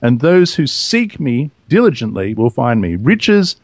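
A male podcast host reads a long scripture passage in a steady, measured voice. His pitch sits in the middle range. The recording is close and dry, with no room sound. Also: no echo. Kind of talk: casual podcast discussion and scripture reading.

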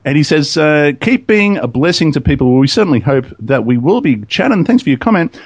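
A man's voice: a little high, big pitch swings, brisk, slightly rough, dull audio. A man hosting a podcast in casual, chatty talk, often laughing. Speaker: podcast host.

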